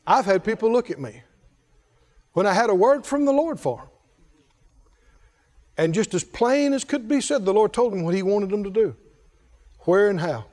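A male preacher with a strikingly high voice, delivering a sermon full of emphatic call-and-response. He pushes his points hard and at times rises to a shout. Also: animated, moderate pace, pauses often.

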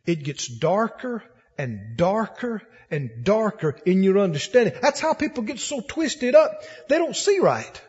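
A man's voice: high voice, very animated, a little slow, a little mellow, slightly rough, lo-fi sound, faint music behind. A man preaching a sermon to a congregation, fervent and repetitive, building emphasis, recorded in a hall.

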